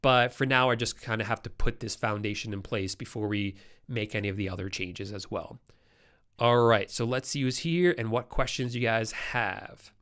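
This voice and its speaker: A man's voice: lowish voice, moderate pace, a bit bright, clean tone. A man with a congested, nasal voice from a cold, hosting a casual live-stream Q&A and answering viewer questions in a chatty way.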